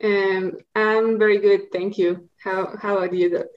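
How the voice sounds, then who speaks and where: A woman's voice: medium pitch, little pitch movement, a little slow, highs cut off. A woman from Mexico, a guest in a casual interview, talking thoughtfully and hunting for the right words. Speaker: podcast guest.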